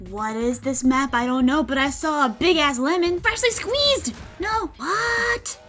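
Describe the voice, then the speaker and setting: A young woman giving casual commentary while playing a video game, quick to get excited, squeal and laugh. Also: high voice, faint music behind. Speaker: gaming video host. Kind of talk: live gameplay commentary.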